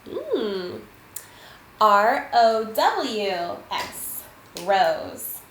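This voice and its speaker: A woman teaching a spelling lesson to children, patient and deliberate, sounding out letters and counting aloud. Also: mid-range voice, sing-song, fairly bright tone. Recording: echoey room, faint ambient noise.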